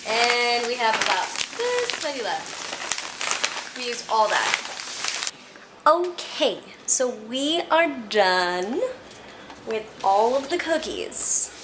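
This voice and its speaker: A woman's voice: a little high, very animated, very slow, long pauses. A woman hosting a casual baking vlog, chatting and thinking aloud as she works. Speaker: vlog host. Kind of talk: casual kitchen vlog chat. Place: home kitchen. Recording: echoey kitchen, clear background noise.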